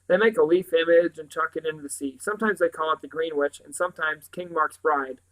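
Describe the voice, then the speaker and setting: A man's voice: a little high, fairly even intonation, a little fast, close to an everyday voice, low-quality recording. A shy, thoughtful boy in a storybook, voiced by a man reading aloud. He talks diffidently, sounding a little apologetic.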